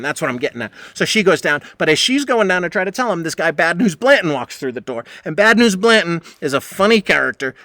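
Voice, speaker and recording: Man, swearing, animated, acts out quoted voices, crisp dry recording. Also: medium pitch, no room sound. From New England, United States. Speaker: podcast host telling a story. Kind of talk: casual rambling storytelling.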